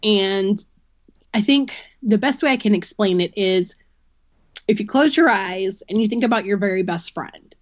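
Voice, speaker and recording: A woman's voice: mid-range voice, moderate pace, no echo, lo-fi sound. A woman guest on a podcast, giving a candid personal account and explaining things earnestly through long analogies.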